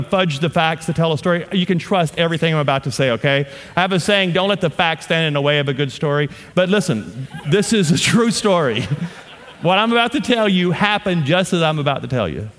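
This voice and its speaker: A man preaching a sermon and telling a story, moving between loud, animated bursts and hushed asides. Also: a little high, in a large hall. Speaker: pastor.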